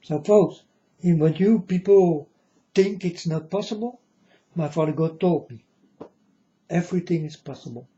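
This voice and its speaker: A man in a rambling monologue to his viewers, earnest and repetitive, with halting non-native phrasing. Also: on the high side, warm tone, lo-fi sound. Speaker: vlogger addressing viewers.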